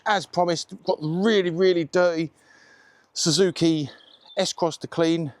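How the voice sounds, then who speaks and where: A man chatting to camera while washing a car, relaxed and a little out of breath. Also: on the high side, dry recording. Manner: chatty, slow and unhurried, self-deprecating. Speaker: car detailing vlogger.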